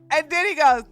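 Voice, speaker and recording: A woman giving casual reaction commentary as a streamer, animated and laughing often as she reads posts aloud. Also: very high-pitched.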